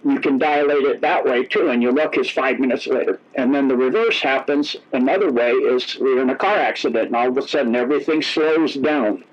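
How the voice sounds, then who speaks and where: A man's voice: mid-range voice, a little fast, hardly any pauses. A middle-aged man telling stories as an interview guest, rambling and correcting himself as he goes. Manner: rambling, self-correcting, acts out quoted dialogue. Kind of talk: casual storytelling. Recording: dull lo-fi audio.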